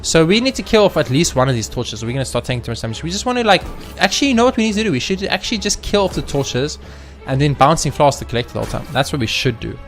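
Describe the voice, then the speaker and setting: Excitable gaming commentator, a man. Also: a little high, racing, hardly any pauses, soft background music. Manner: excitable, swears, talks to the game. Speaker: let's play host.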